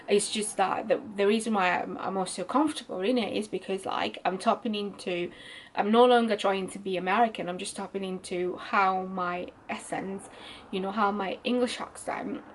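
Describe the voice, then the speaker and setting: A woman's voice: mid-range voice, normal speed, a little hiss or hum, rough recording. A woman with an Italian accent, her first language Italian, speaks in an ordinary middle register. She talks openly to her viewers in a storytime vlog. Her sentences wander and restart as she reaches for words. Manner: rambling, searching for words, frequent restarts. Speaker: vlogger. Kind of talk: candid storytime monologue.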